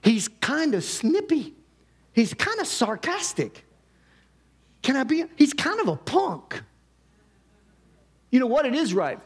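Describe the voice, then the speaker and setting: A pastor preaching a sermon, acting out the voices of God and Jonah and swinging between shouted lines and hushed ones. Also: male voice, extremely high pitch, sing-song, slow, pauses often.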